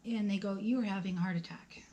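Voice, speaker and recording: A woman in her forties speaks to the camera at a medium pitch, telling her own story in plain, conversational words. She acts out what people said and now and then drops her voice to a whisper. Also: steady tone, fast talker, dark tone, highs cut off. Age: 40s. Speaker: vlogger.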